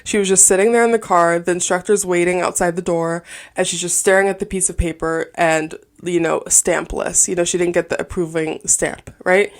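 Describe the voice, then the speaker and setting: Woman, twenties, podcast host, gravelly, casual storytelling, candid. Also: lowish voice, steady tone, moderate pace. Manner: chatty, candid storytelling with many fillers. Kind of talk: casual solo podcast talk.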